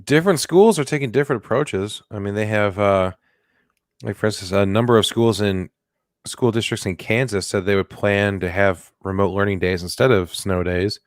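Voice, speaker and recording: A man co-hosting a comedy news podcast in casual chat, jokey and goofy with animated bursts. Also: lowish voice, moderate pace, no room sound, studio quality. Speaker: podcast co-host.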